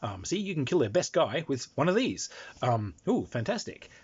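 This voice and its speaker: Brash modern young man out of his time, played by a man, husky voice, lively lecturing swings. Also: medium pitch, moderate pace, no room sound. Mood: eager. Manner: eager, pushy, lecturing. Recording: dull lo-fi recording.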